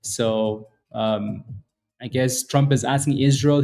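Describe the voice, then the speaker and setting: A man with a dark, mellow voice hosts a live trading stream. He talks casually and keeps repeating himself to drive a point home. He calls out chat viewers by name. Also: mid-range voice, fairly even intonation, slow pace, gravelly. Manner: repetitive, hyped, chatty, addresses viewers by name. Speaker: day-trading livestream host.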